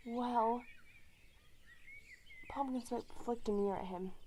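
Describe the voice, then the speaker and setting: A woman narrating a fan story at an unhurried pace, sometimes correcting herself mid-word. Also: mid-range voice, a little mellow, slight background noise. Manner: unhurried reading with self-corrections.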